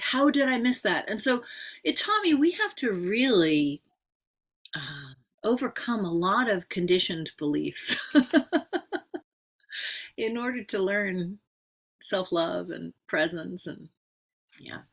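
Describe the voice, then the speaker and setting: A woman's voice: on the high side, fairly bright tone. A woman hosting a conversational interview, talking in a reflective way with frequent restarts. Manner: reflective, halting with restarts and fillers. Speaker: host.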